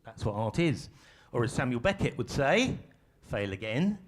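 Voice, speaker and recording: A man's voice: medium pitch, sing-song, normal speed. A man leading a live workshop for an audience in a ballroom, in a conversational way with self-deprecating humor. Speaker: workshop facilitator. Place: large ballroom stage.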